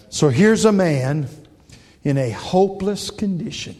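A man's voice: high-pitched, expressive, a little slow, warm tone. Emphatic preaching man in his sixties. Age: 60s. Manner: emphatic preaching with dramatic storytelling. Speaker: pastor. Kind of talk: sermon.

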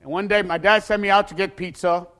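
A man telling a dramatic personal story, acting out the people in it and bursting into shouts at the tense moments. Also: sits high, fairly even intonation, fast talker. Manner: acts out the people in his story. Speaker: storyteller giving a personal testimony.

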